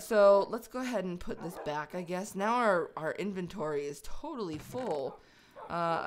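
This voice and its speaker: Excitable woman gaming host, lively voice. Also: lowish voice. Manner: excitable, chatty, talks to her pets. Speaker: let's play host. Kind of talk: video game commentary.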